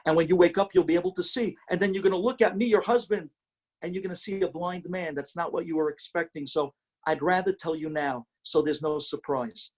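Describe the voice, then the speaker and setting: A man's voice: fairly high pitch, a little fast, a little mellow, natural voice. A man voicing a selfless blind husband who speaks earnestly and tenderly to his wife.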